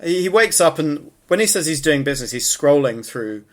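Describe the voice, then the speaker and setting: Joking man, slightly high voice. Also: expressive, fairly quick. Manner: joking, laughs often, trails off mid-sentence. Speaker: podcast co-host. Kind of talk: casual comedic chat.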